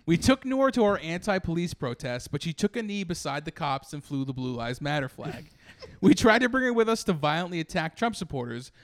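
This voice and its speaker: A man co-hosting a comedy podcast, telling an absurd story in a deadpan, mock-serious way. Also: on the high side, a little fast, dry recording. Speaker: podcast co-host.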